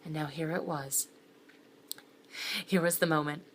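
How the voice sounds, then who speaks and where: A middle-aged woman with a notably deep voice reads a first-person thriller. Her delivery is dry and sardonic, with quiet whispered stretches. A faint hiss sits under the voice. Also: steady tone, measured pace. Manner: wry, sardonic asides, sometimes dropping to a whisper. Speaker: narrator of a thriller web series. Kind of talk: scripted first-person narration.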